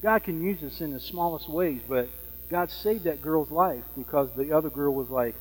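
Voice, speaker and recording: A man preaching a sermon in a conversational way, often pausing to ask "Amen?". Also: a little high, a little mellow, big-room sound, low-quality recording. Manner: conversational, frequent fillers and "Amen?" checks.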